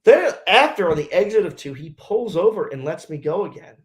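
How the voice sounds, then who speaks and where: A man's voice: high voice, big pitch swings, fairly quick. A man, a race car driver, telling a story in a casual interview, acting out radio exchanges and swearing freely.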